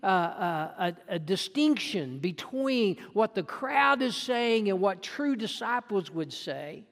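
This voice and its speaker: Slow, earnest preacher in a reverberant hall. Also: mid-range voice, big pitch swings. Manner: earnest, emphatic teaching with frequent restarts. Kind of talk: sermon. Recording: long reverb in a large hall.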